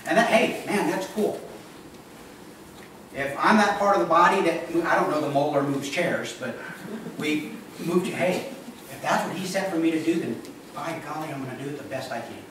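Pastor guy chatting through his sermon, kinda high voice, lots of hiss and room echo. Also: normal speed. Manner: conversational, joking asides to the congregation. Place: church sanctuary. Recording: echoey room, voice from far off, noisy.

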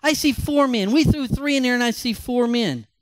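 Guy doing a proud angry king, blustery, kinda high and loud. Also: a little fast, smooth, dry recording, close to an everyday voice. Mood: amazed shouting. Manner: blustering, indignant.

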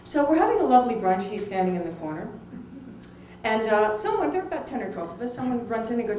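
A woman's voice: on the high side, fast talker, slight background noise. Middle-aged woman telling a story in a roomy hall. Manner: lively, conversational, acts out other people's lines. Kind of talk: personal anecdote told to an audience. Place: film festival venue. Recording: roomy, distant mic with faint ambience.

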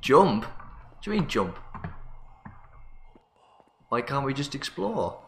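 Excitable man swearing through a game. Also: medium pitch, slow pace, vocal fry, a little hiss or hum. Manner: panicky, self-mocking, swears a lot. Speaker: gaming channel host. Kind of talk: let's play commentary. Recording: roomy sound with faint music.

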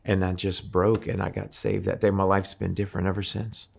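Interview guest: lowish, gravelly man from New Orleans, lively storyteller who acts out voices. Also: brisk. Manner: animated storyteller, acts out voices in his anecdotes. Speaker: guest musician.

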